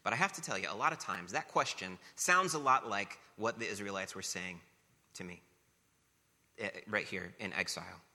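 A man's voice: lowish voice, expressive, moderate pace, bright, forceful tone. A man preaching a sermon as pastor, earnest and emphatic, building points through rhetorical questions and repetition. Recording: long reverb of a large hall.

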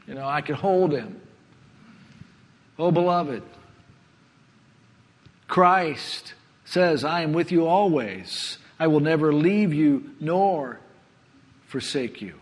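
A man preaching a sermon, earnest, often letting his voice sink to a hush before rising again. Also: a little high, steady tone, a little slow. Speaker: pastor. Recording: long hall reverb.

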